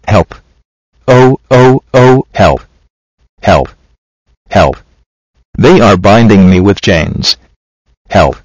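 Male reader of a religious book, measured and steady, lower register. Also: no echo, poor audio. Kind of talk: reading a religious book aloud.

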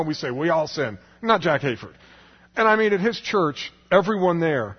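A man with a husky voice tells a personal story to a live audience, chatty and quick to laugh. He acts out the people in the story as he goes. His voice rings through a large hall on a dull, lo-fi recording. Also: medium pitch. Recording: long hall reverb, dull lo-fi sound.

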